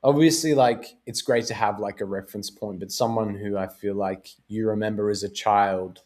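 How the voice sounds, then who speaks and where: A man's voice: fairly low pitch, steady tone, moderate pace, a little mellow. A man with an Australian accent hosting a casual podcast chat, rambling and laughing often. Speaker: podcast host.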